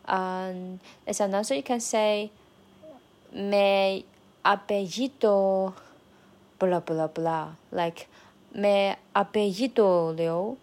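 A woman with a Chinese accent talks through her daily language study in a relaxed, unhurried way. She hesitates often, filling the gaps with ums and uhs, then slows right down to say each practice phrase carefully. Her voice sits at an ordinary mid pitch. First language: Mandarin Chinese. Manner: hesitant, many fillers, slow careful enunciation of practice phrases. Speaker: language learner keeping a video diary. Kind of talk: casual spoken study diary.

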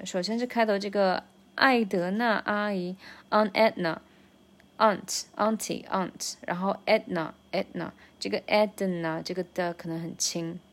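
Young woman drilling English phrases. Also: medium pitch. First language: Mandarin Chinese. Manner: repeats phrases slowly, drilling linking sounds. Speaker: English pronunciation learner. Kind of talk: casual self-recorded pronunciation practice.

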